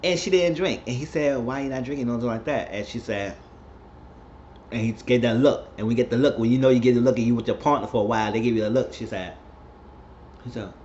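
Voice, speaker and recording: A man's voice: medium pitch, quick pace, a little mellow, slight background noise. Chatty man recapping a show, lo-fi. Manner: chatty retelling with filler words.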